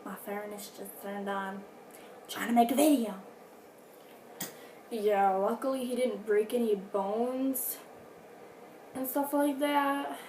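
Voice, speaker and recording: Slow-talking woman telling a story in a roomy room. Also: fairly high pitch, a little mellow. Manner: chatty, dramatic asides. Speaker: vlogger. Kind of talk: casual storytime vlog. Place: home indoors, furnace running. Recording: roomy, distant from mic, faint noise.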